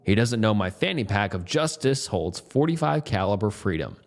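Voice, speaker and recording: Low-voiced man narrating a tense story. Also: animated, moderate pace. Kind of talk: first-person story narration.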